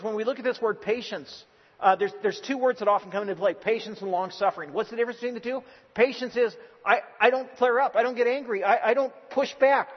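A male pastor preaching a sermon in a church, earnest and emphatic, often restarting his words. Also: very high-pitched. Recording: dull lo-fi recording with long hall reverb.

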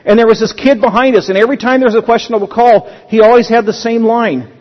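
High-voiced man preaching in a reverberant hall. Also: fairly even intonation, quick pace, highs cut off. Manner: conversational storytelling with frequent restarts. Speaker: pastor. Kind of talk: sermon.

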